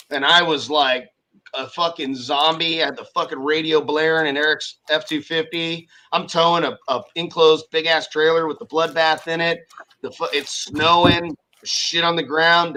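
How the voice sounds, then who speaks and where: Bright-voiced man swearing through a rambling story. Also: a little high. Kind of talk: casual chat.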